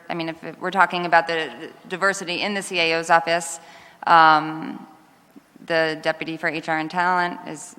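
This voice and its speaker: A woman official answers questions at a council hearing in a low, bright voice. She is measured and hesitant, with frequent ums. The sound carries a long reverb from a council chamber. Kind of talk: formal testimony answering questions.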